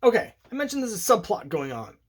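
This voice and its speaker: Talking fast in a high-pitched, sing-song voice, a man gives casual solo commentary on his comic collection. He rambles, shares plenty of opinions, and keeps restarting and using fillers.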